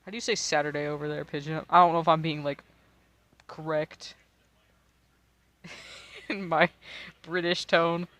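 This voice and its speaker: A man's voice: a little high, steady tone, normal speed, long pauses, sharp tone, no echo. An American man in his twenties, tipsy and rambling in casual, profane chat while streaming a game, laughing often. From United States. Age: 20s.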